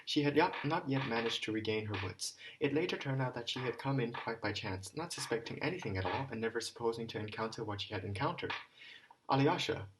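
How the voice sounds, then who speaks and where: A man's voice: mid-range voice, expressive, fast, hardly any pauses, noisy background. A man reading a classic novel aloud as an amateur audiobook narrator, with occasional stumbles and rereads. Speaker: audiobook reader.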